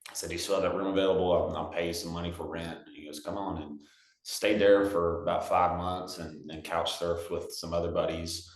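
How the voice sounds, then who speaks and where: A young man from Texas, a singer-songwriter guest, telling stories in a relaxed, chatty way with lots of fillers. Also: deep voice, a little fast. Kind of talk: casual storytelling. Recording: roomy echo.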